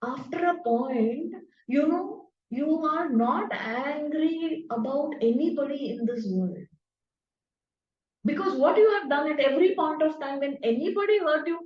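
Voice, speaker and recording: A woman, earnestly explaining scripture to a class and tossing in tag questions like "no?". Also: sits high. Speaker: spiritual teacher. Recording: roomy, distant, dull-sounding.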